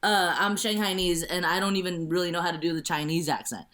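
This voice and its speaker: A woman's voice: fairly low pitch, quick pace, fairly bright tone. Playful, laughing woman comedian guest. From Los Angeles area. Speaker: podcast guest, comedian and actress. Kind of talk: casual podcast chat.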